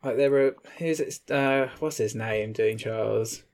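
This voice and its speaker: A woman's voice: extremely low pitch, unhurried, a little mellow. A young woman co-hosting a casual podcast, wry, with frequent laughs and short reactions. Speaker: podcast co-host. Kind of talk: casual chat.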